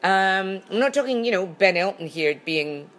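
A woman co-hosting a casual chat, halting and full of restarts, with a recurring cough. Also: medium pitch. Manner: halting, full of restarts and fillers, animated when indignant. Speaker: podcast co-host.

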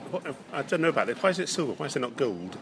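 A man's voice: medium pitch, very animated, noisy background. A man co-hosting a podcast in casual chat, playful and stammering as he jokes. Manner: stammering, playful, quick to joke. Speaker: podcast co-host.

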